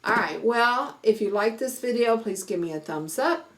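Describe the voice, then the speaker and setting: A woman's voice: a little high, expressive, moderate pace, fairly bright tone. A middle-aged woman homestead vlogger talking earnestly to camera, half preaching, with many "you know"s. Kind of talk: casual vlog talk with a preachy streak.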